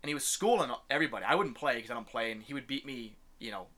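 A man's voice: medium pitch, lively intonation, rapid-fire, a bit bright. A young man telling a story in a casual chat, swearing freely and laughing often. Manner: profane, ranting, laughs often.

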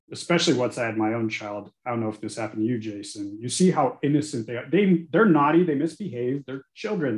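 A man in his forties with a medium pitch talks candidly and earnestly as a podcast guest, growing animated and occasionally cursing. His voice bounces around a roomy, echoey space. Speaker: guest, attorney. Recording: echoey room.

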